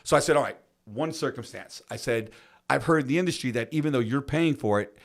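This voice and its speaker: A man telling a story on a podcast, acting out what other people said in a lively way. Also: mid-range voice. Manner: acts out quotes of others, fast and lively. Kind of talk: animated storytelling.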